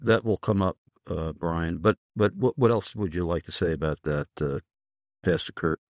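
A man's voice: low voice, moderate pace, dry recording, studio quality. A man hosting a talk show, relaying a listener's question and plugging a resource. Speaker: radio show host.

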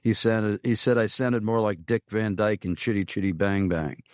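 A man's voice: on the low side, moderate pace, dry recording, studio quality. A man with an American accent hosting a radio interview in a jovial, chuckling way. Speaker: radio show host.

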